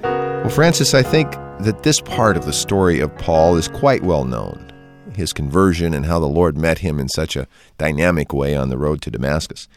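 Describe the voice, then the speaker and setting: Deep-voiced radio host, a man, lively. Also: normal speed, music in the background. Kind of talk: host posing a question.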